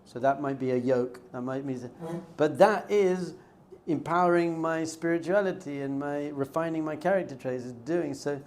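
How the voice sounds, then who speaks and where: A man's voice: fairly high pitch, moderate pace, darkish tone. A man, a rabbi, giving an informal class, telling stories and acting out bits of dialogue. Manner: conversational, storytelling with acted-out dialogue.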